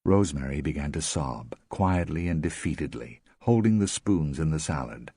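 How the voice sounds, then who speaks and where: Deep, husky male audiobook narrator. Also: moderate pace, hardly any pauses, no echo, clean studio sound. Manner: steady, expressive reading. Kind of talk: scripted narration.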